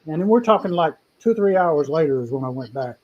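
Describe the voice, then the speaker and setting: Guy hosting a cooking stream, chatty and rambling, voice a bit on the high side. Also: expressive, a little fast, dull audio. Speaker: cooking show host. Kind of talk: casual live cooking chat.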